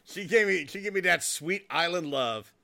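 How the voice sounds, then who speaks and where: A man in his forties co-hosting a casual podcast, excitable and swearing freely, with frequent laughs. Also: sits high, moderate pace, creaky, a crowd in the background. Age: 40s. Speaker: podcast co-host. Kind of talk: casual chat.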